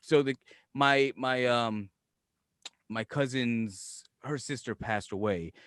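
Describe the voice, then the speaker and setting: A man's voice: mid-range voice, slow, clean tone, no room sound, clean studio sound. A middle-aged man from New York with a Brooklyn accent, co-hosting a podcast in casual, profane chat and acting out the voices in his stories. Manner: animated, profane storyteller who acts out voices. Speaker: podcast co-host. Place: home in Florida.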